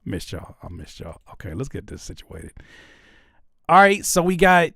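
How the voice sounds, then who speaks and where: A man talks loosely through a reaction video, joking back at his viewers as he goes. His pitch moves a lot and the sound is close and dry, with no room around it. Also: wildly swooping pitch, moderate pace, gravelly, a bit bright, no room sound. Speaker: rapper and YouTuber reacting to videos. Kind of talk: casual reaction commentary.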